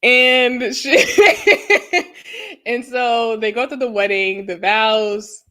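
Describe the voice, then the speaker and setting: A woman's voice: a little high, very slow. A young woman co-hosting a casual live review chat over a video call, laughing often and telling stories with energy. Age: young adult. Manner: laughs often, animated storytelling. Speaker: co-host.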